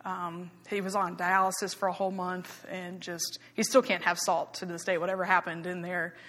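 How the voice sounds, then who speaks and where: A woman's voice: lowish voice, flat delivery, moderate pace. A woman giving a chatty, candid church report on her missionary work, teary in places. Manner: chatty and candid, laughing easily, softening when emotional. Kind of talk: informal church talk. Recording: long hall reverb.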